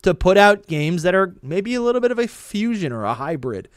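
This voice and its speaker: A man's voice: high voice, big pitch swings, a little fast, smooth, no echo, studio quality. A man co-hosting a podcast in casual chat, musing aloud with lots of fillers. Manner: reflective, filler-heavy musing. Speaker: podcast co-host.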